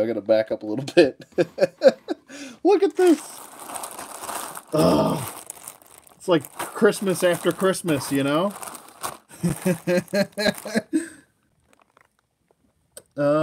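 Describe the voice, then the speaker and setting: An eager young man talks his way through a live toy unboxing, voice pitched a touch high. He chuckles between thoughts and jumps from one exclamation to the next, with a faint hiss of noise underneath. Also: unhurried, long pauses. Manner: excitable, laughs often, rambling with fillers. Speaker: toy collector streaming live. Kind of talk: casual live unboxing chat.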